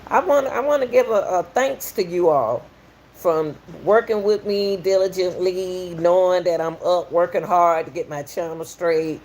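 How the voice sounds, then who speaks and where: A woman's voice: on the low side, normal speed, a little mellow, a little hiss or hum. A middle-aged woman from Atlanta with a Southern accent, welcoming viewers in a folksy, repetitive live-stream chat as a podcast host. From Atlanta, USA.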